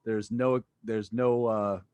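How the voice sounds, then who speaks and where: A physics lecturer teaches his class over a video call, joking around and quizzing the students in a playful way. His voice is lowish, mellow and resonant, with a level tone and clear, unhurried delivery. There's no echo in the recording.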